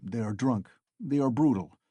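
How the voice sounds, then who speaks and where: A man voicing a weary father who speaks quietly and soothingly to his son. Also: medium pitch, expressive, normal speed, husky, no room sound. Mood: resigned.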